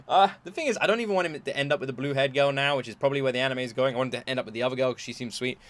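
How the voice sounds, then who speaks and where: Guy ranting on a reaction vid, bright tense voice, swears a lot, goes loud then mumbly. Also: medium pitch, rapid-fire, dry recording. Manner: exasperated ranting, swearing, swinging between shouting and mumbling. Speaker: YouTube reactor. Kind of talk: reaction video rant.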